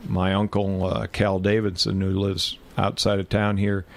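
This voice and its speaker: A man's voice: low-pitched, monotone, measured pace, creaky. An older man, a retired band director telling rambling, self-deprecating anecdotes in an oral history interview. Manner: rambling anecdotes, self-deprecating humor, many filler restarts.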